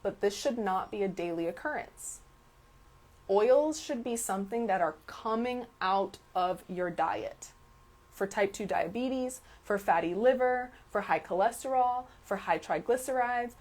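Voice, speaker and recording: A woman's voice: medium pitch, expressive, a little slow, a little mellow. A woman hosting a live stream Q&A as a health coach. She talks with emphasis, repeats key words and often checks in with "okay?". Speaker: detox health coach answering viewer questions.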